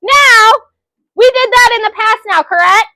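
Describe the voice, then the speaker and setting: A woman teaching a phonics lesson to young students in a classroom, loud and energetic, calling on children by name. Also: extremely high pitch, unhurried, no room sound.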